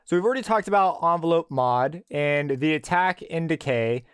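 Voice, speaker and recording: A man giving a relaxed, screen-recorded tutorial on a synthesizer plugin, explaining as he tweaks settings. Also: a little high, normal speed, clean tone, no room sound, clean studio sound. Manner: relaxed explanatory, thinking aloud with fillers. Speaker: music production tutor.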